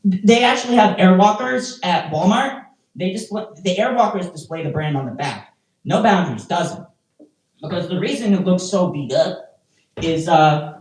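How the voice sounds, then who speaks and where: A stand-up comedian doing a rambling, self-mocking set with crowd work, full of stammered restarts and sudden loud mocking outbursts. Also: mid-range voice. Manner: bursts into loud mocking shouts. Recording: roomy, voice picked up from a distance.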